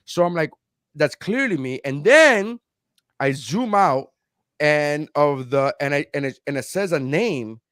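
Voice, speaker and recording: A man's voice: fairly high pitch, expressive, a little slow, fairly bright tone, clean tone, no room sound, clean studio sound. A man co-hosting a podcast, telling a long profane story in casual chat with lots of quoted voices. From South Florida. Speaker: podcast co-host, comedian.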